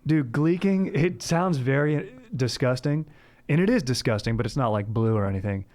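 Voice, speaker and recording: A man's voice: mid-range voice, animated, normal speed, a little mellow. A young man hosting a podcast, telling a rambling story in a laid-back, casual way and saying "dude" all the time. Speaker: podcast host.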